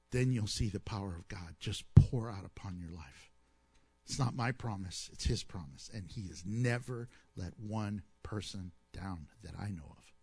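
A man preaching a sermon as pastor, lively and emphatic, then dropping low and soft into prayer. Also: moderate pace, slightly rough.

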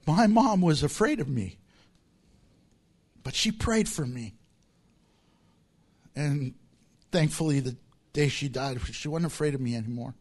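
Male pastor, middle-aged, lively sermon delivery, higher-pitched voice, acts out quotes. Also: measured pace, long pauses. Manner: animated preaching with acted-out quotes and laughter.

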